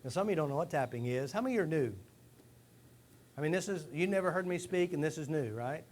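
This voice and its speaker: A man giving a lively live talk to a rehab group, asking the room questions and acting out stories. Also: a little high, fast. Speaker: speaker addressing a rehab group. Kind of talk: live motivational talk to an audience.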